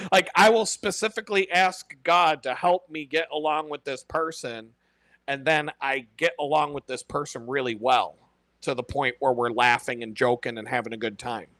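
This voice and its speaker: A man hosting a casual live stream, talking in an animated, profane way and laughing often. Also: mid-range voice, normal speed, no echo.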